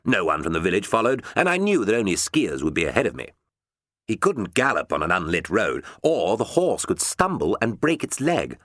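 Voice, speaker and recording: Man, audiobook narration, lively expressive pitch, dry close sound. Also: normal speed, dry recording. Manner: expressive storytelling.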